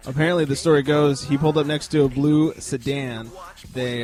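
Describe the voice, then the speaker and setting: A man's voice: mid-range voice, fairly even intonation, a little fast, vocal fry, a little mellow. Guy hosting a sports talk podcast, dry jokey delivery, some faint music in the back. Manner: wry, joking, reads news items. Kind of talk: casual sports talk chat.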